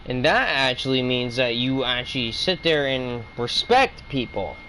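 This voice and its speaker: A man's voice: mid-range voice, expressive, a little slow, pushed and bright, a little hiss or hum, rough recording. A man giving a heated, profane opinion rant as a video reviewer. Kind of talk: ranting opinion commentary.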